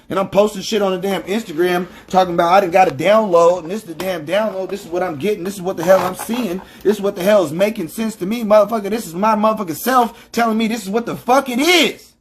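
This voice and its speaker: A man hosting a livestream, talking in a profane, emphatic, preachy monologue into his phone. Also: sits high. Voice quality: heavy swearing, emphatic and preachy. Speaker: livestream host.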